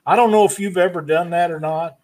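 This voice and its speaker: A high-voiced man telling a long folksy story in a relaxed, chatty way. His talk is homespun and unhurried, with plenty of asides and a drawl. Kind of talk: casual podcast chat.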